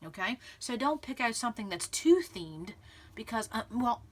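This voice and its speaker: A scrapbooking channel host, her voice a little high and very animated, talks at a moderate pace as she casually encourages viewers through a tutorial. She often says "okay" and "again" and keeps clearing her throat from pollen.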